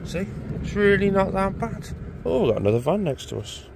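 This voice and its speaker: A man's voice: high voice, big pitch swings, a little fast, vocal fry. A man, chatting casually as a van-life vlogger outdoors and talking to cows. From United Kingdom. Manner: chatty, talks to cows and laughs. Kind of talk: casual vlog commentary. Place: outdoors by a van in wind and farm field. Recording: windy outdoor noise.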